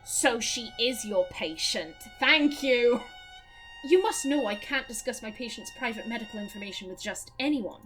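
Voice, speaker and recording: A woman's voice: fairly high pitch, expressive, moderate pace, fairly bright tone, faint music behind. A woman doing an earnest Irish doctor. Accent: put-on Irish. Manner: earnest, precise, lecturing. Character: middle-aged male doctor, curious about spirits. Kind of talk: reading game dialogue aloud.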